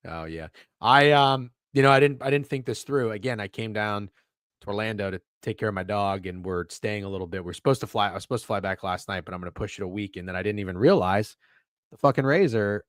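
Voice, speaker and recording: Over a video call, a young podcast co-host jokes and curses through a laid-back sports betting show while struggling with his camera. His voice is on the low side and quick. The audio is studio quality and completely dry.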